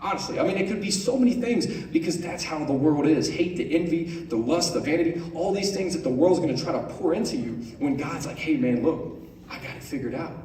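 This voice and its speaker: A young man giving a casual, conversational sermon to a youth group, often asking "right?" and reading scripture out slowly. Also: a little high, lively intonation, warm tone, slight background noise. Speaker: youth pastor. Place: large room on stage. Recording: echoey room, voice from far off.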